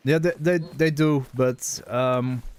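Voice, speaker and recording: A young gaming streamer casually comments on a hunting game while chatting with his viewers, musing aloud in a rambling, conversational way. He speaks slowly in a mid-range voice with a clean tone.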